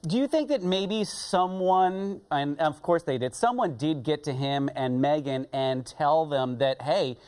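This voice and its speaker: A panel guest in casual chat, musing aloud with halting restarts. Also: mid-range voice, a little mellow.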